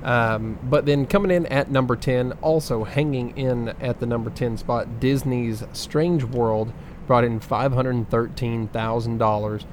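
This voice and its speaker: A man's voice: mid-range voice, steady tone, measured pace, a little hiss or hum. A man co-hosting a casual podcast, running through figures with plenty of ums and uhs. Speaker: podcast co-host reading box office numbers. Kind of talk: casual chat.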